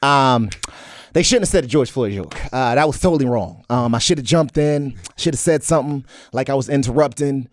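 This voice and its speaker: A man's voice: medium pitch, brisk, dry recording, studio quality, lightly acted. A man doing an impression of a brash male comedian who gives a defensive joking apology and keeps repeating "listen.".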